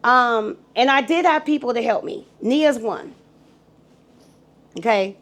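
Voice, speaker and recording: A middle-aged woman with a high voice tells her story as a podcast guest. She is animated and profane, and she acts out the people she talks about. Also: slow.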